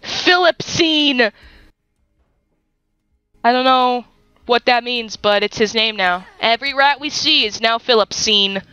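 A young woman giving playful, excitable commentary while playing a video game, joking and talking to the creatures she meets. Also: a little high, slow, pauses often, smooth, no room sound, muffled recording, faint music behind. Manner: giggly, silly and excitable, talks to game creatures. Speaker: gaming YouTuber.

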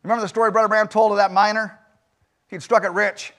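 Male pastor, high voice, emphatic sermon in a church, swings loud and soft. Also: little pitch movement, fast talker. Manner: emphatic preaching with rhetorical questions and sudden loud swings. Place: church sanctuary.

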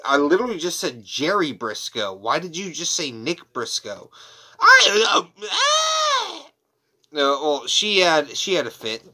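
A man's voice: fairly high pitch, sharp tone. A man chatting casually at home on his couch, a wrestling figure collector who rambles and throws in crude jokey asides. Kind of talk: casual unboxing chat.

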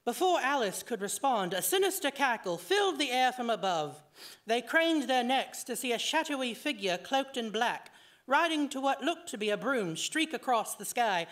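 A woman reading her own short story aloud at a fiction night, in an expressive storytelling manner. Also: fairly high pitch, normal speed.

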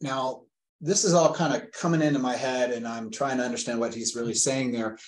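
Talking a little fast with fairly even intonation, this medium-pitched man in his forties is a father giving an interview about a scam phone call that frightened him. He relates it earnestly and vividly against echoey room acoustics.

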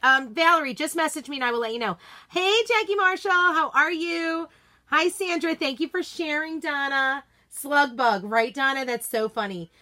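Woman, bubbly live-stream host, bright voice, gushing, greets viewers by name, casual chat at a home desk. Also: high voice, normal speed. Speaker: craft seller hosting a live unboxing.

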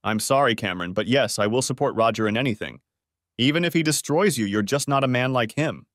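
Male narrator putting on a cold defiant wife, raised and lively, dry close sound. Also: mid-range voice, a little fast, dry recording, lightly acted. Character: cold, disloyal adult wife. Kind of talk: audiobook character voice.

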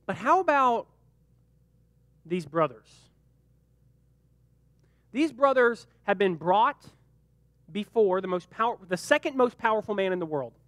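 High, lively young man teaching youth. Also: no room sound. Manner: animated and joking, acts out quick character voices. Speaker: youth pastor. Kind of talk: youth group Bible teaching.

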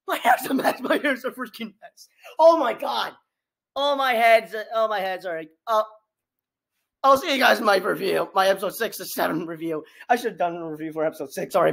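A young man at home reacting on a webcam, overwhelmed and yelling, repeating exclamations over and over. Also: high-pitched, creaky. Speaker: reaction video host. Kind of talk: excited reaction commentary.

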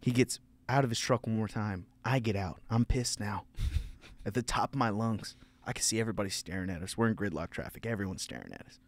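A young male comedian and podcast host telling a story loudly, with profanity and laughter. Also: on the low side, lively intonation, a little fast.

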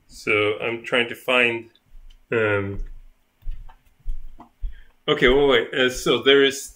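A man's voice: mid-range voice, pushed and bright. A tired young man chatting casually on a live stream, rambling with lots of fillers and restarts. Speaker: co-host.

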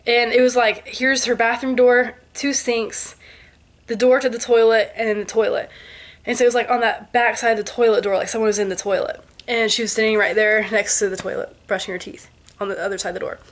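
Twenties woman vlogger, slightly high voice, lively storyteller who acts out noises and voices. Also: brisk. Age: 20s. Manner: animated, with sound effects and quoted voices. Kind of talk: telling a ghost story to camera.

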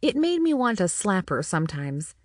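A woman's voice: mid-range voice, sing-song, moderate pace, dry recording. A woman narrating a first-person audiobook with wry, dry humor.

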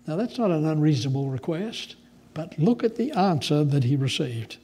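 A male pastor preaches in a fairly high, husky voice at a moderate pace. His sermon is animated and conversational, shifting easily between explaining scripture and telling stories.

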